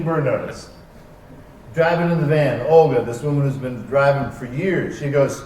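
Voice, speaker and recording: A man on a convention stage telling wry, animated anecdotes to a live audience, acting out the dialogue in them. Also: medium pitch, normal speed, a little hiss or hum. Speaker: convention panel guest. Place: large convention arena stage. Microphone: heard from far off by a camera in the hall. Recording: echoey hall recorded from far off.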